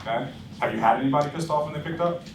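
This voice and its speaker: A man giving blunt, animated sales coaching to his team, acting out phone calls as he tells stories. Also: on the high side, rapid-fire, crowd noise. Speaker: insurance sales trainer. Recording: roomy echo, distant mic, background noise.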